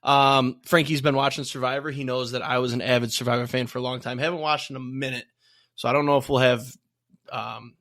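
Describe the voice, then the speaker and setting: Animated young man, bright voice. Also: medium pitch, brisk. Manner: animated, swearing, storytelling. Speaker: podcast co-host. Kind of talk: casual chat.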